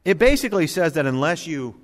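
A man's voice: fairly high pitch, very animated, a little fast. A man preaching a sermon, earnest, building emphatic lists. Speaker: pastor. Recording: long hall reverb.

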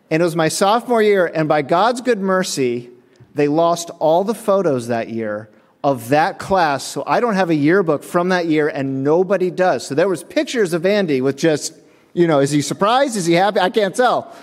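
A man preaching a sermon, telling a personal story with emphatic, animated delivery. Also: on the high side, big-room sound. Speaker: pastor.

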